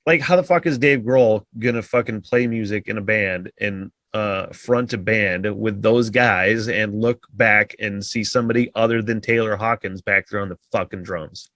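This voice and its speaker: A man's voice: on the low side, normal speed, few pauses, a bit bright, dry recording. A man hosting a podcast, talking casually and rambling, with frequent sighs and heavy swearing. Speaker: podcast host. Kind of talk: casual solo podcast monologue.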